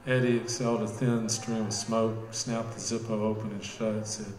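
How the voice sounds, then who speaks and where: A man reading his own novel aloud in steady, measured narration at a live bookstore cafe event. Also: lowish voice, a crowd in the background. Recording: roomy cafe with live guitar.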